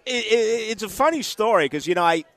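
A middle-aged man from Boston chatting casually about sports, telling animated stories with lots of restarts. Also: high voice, brisk. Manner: animated storyteller, restarts often, acts out quotes.

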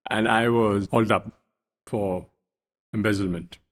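An older man from India, a guest telling stories from his life in a wry, anecdotal way, often trailing off quietly. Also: fairly low pitch, fairly even intonation, measured pace. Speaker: interview guest. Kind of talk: storytelling in conversation.

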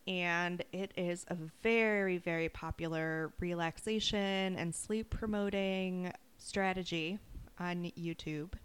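A woman co-hosting a podcast in casual chat, describing things slowly and deliberately. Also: on the low side, smooth. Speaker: podcast co-host.

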